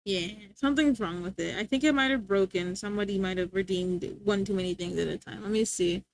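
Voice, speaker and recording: A woman's voice: medium pitch, a little fast. A woman streaming live and chatting casually with her chat, playful and teasing, laughing often.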